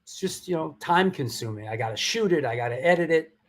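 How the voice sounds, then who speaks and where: A man's voice: fairly high pitch, expressive, brisk, a bit bright. A man hosting a live hardcore music stream, chatting casually, rambling and swearing. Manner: rambling, swearing, restarts and storytelling asides.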